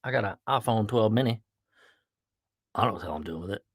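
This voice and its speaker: A man's voice: on the low side, fast talker, breathy edge, dry recording, clean studio sound. A man hosting a casual livestream podcast, playful and jokey, greeting viewers by name as he chats. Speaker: podcast host.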